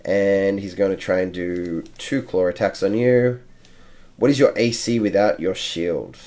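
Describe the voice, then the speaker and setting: A man's voice: deep voice, fairly even intonation, a little slow, darkish tone. A man running a tabletop game as game master, narrating the action and counting out moves step by step.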